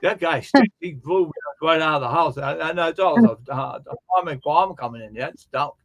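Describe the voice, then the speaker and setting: A man with a somewhat high voice rambles through funny stories and acts out what other people said. The sound is close and dry, with no room around it. He talks loosely, in casual chat. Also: a little fast, fairly bright tone, dry recording. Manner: rambling joke-telling, acts out quoted voices. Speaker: live stream host.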